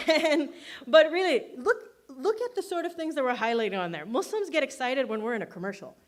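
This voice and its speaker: A woman's voice: high-pitched, expressive, a little fast. A woman filmmaker giving an award acceptance speech, chatty and self-deprecating, laughing often between her words.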